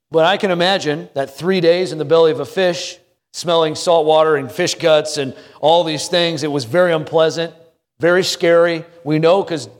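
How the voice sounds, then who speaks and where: A man's voice: a little high, in a large hall. A middle-aged man preaching a sermon, telling a story dramatically and building repeated refrains. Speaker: pastor. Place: church sanctuary.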